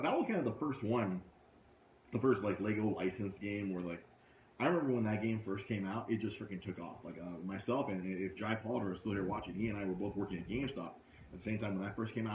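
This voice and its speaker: A man's voice: fairly low pitch, quick pace, reverberant, a little hiss or hum. A man hosting a podcast live from a comic book shop, chatting casually and animatedly acting out funny scenes. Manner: animated storyteller, acts out scenes in funny voices. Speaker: podcast host. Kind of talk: casual chat.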